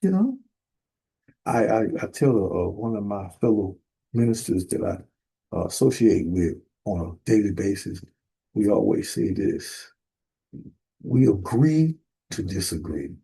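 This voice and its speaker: A man ministering in a sermon, emphatic and building to sudden forceful bursts. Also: lowish voice, big pitch swings, unhurried, creaky, long pauses, husky, rough recording. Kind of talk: preaching sermon.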